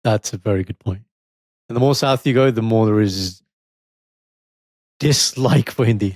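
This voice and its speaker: A man, co-hosting a podcast in animated casual chat. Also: on the low side, moderate pace, long pauses, no room sound, clean studio sound. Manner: animated, puts on voices in retold quotes. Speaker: podcast co-host.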